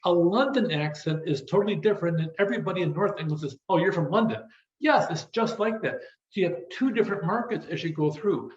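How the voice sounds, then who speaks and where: Fast-talking American man lecturing. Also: high-pitched, expressive. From United States. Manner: fast-talking, repetitive "as you go through". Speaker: business instructor. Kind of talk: recorded online lecture. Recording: roomy, dull lo-fi audio.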